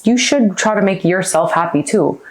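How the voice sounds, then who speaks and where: A woman's voice: medium pitch, expressive, moderate pace. A woman telling her personal story as a podcast guest, in a chatty, heartfelt way full of fillers. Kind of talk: candid personal interview.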